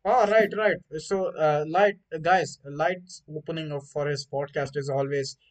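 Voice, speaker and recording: A man's voice: a little high, a little slow, rough recording. Rambling, cussing podcast host man. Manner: rambling, animated, swears freely. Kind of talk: casual chat.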